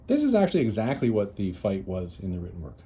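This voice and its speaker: A man's voice: lowish voice, huge pitch swings, quick pace, warm tone. A man casually retelling a story as a host, chatty and loose, with lots of "uh"s and restarts. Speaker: comics reviewer, host.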